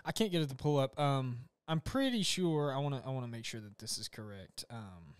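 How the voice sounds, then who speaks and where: A man's voice: mid-range voice, lively intonation, fairly quick, smooth, dry recording. A man co-hosting a comedy podcast, rambling and correcting himself as he chats casually into a close mic. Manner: rambling, self-correcting, acts out jokes in voices. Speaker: podcast co-host. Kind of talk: casual chat.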